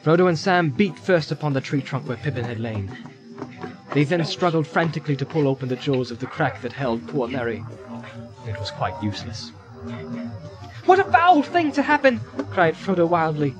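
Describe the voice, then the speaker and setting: A man giving dramatic fantasy audiobook narration in a measured, vivid storytelling manner. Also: medium pitch, rough recording. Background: music score.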